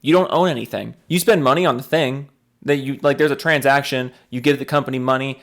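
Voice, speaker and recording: A man's voice: mid-range voice, fast talker, a bit bright. A young adult man giving sarcastic reaction commentary on a video clip, rambling and swearing as he picks the speaker's points apart.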